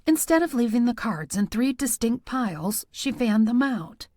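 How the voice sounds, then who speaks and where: A woman reads a first-person audiobook with wry, self-deprecating humor. Her pitch is slightly high and swings in a lively way. The recording is dry and close, with no room sound. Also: normal speed, no echo. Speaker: audiobook narrator.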